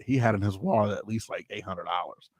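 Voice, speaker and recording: A man and pastor telling a personal story casually, animated and informal, acting out the people he quotes. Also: on the low side, quick pace, no echo.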